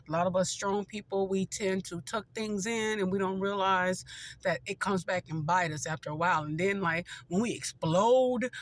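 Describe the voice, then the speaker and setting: A person turning fifty gives an earnest, rambling motivational talk full of "you know," offering faith-driven encouragement to viewers. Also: medium pitch. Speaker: vlogger and motivational speaker.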